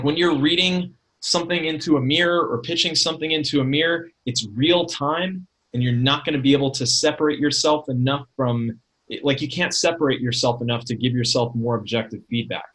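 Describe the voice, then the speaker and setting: A man, a talent manager, giving casual advice on pitching in a webinar over a video call, talking conversationally with many fillers and rhetorical questions. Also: a bit bright, husky, poor audio. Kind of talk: casual instructional talk.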